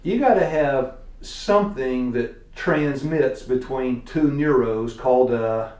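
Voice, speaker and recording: A man's voice: medium pitch, slow, a little mellow. A man with a Tennessee accent teaching a church class, quizzing his students in a folksy way and chuckling often. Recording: echoey room, distant mic.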